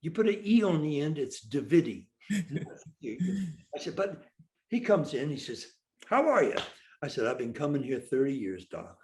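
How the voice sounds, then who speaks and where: This older male interview guest speaks a little slowly at a fairly high pitch, and the recording sounds roomy. Spinning a humorous story, he brings each voice in it to life with lively, animated delivery.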